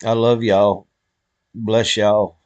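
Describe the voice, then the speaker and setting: A man's voice: on the low side, level tone, drawn-out words, no echo, dull audio. An older man, speaking an emotional, heartfelt prayer to his live-stream viewers in a folksy way.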